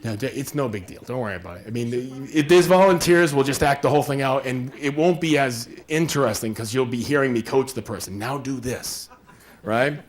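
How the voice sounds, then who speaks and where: A man's voice: medium pitch, fast, few pauses. A man giving a conversational workshop presentation, acting out little scenes with quoted voices as he explains. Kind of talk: live workshop talk.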